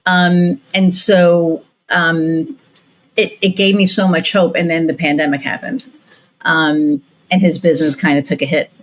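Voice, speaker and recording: Low-voiced woman telling stories in a ramble. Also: steady tone, measured pace, low-quality recording. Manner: rambling storytelling with many fillers and restarts. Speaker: podcast host. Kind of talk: casual interview chat.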